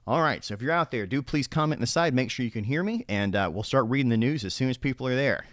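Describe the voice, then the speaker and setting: A man's voice: medium pitch, expressive, fast, dry recording, clean studio sound. A man hosting a gaming news show, reading the news out live and chatting casually about it as he reads. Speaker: gaming news channel host.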